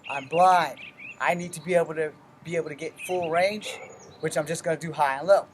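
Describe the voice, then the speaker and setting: Here the instructor talks fairly quickly at a medium pitch with fairly even intonation, against slight background noise. He breaks down his weapons drills step by step in a casual, blunt way, cursing frequently.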